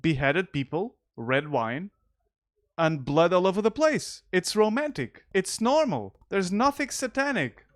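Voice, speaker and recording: Sarcastic man with a higher voice. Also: sing-song, measured pace. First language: Portuguese. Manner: sarcastic, jokey, laughing often. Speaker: streamer. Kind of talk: casual news commentary.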